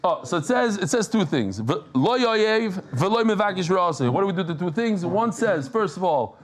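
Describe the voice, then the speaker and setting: A man leads a live Talmud class, talking in a casual, lively way and bantering with the people around him. His voice sits a little high for a man. He often stops and restarts his sentences as he works through a point. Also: fairly quick. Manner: animated, joking with the room, frequent restarts.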